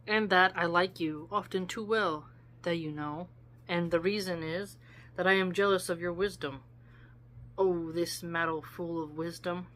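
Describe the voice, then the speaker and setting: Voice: medium pitch, fairly even intonation, measured pace, fairly bright tone, lightly acted. Life, read by a plain-voiced reader. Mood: coaxing. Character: Life, personified as a teasing woman. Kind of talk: read-aloud quotation.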